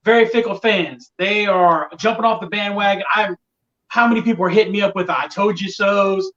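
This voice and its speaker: A man's voice: sits high, fairly quick, a bit bright, distant mic, highs cut off. A man talking casually on a sports podcast, venting with exasperation about fickle fans. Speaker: podcast guest, Colts fan.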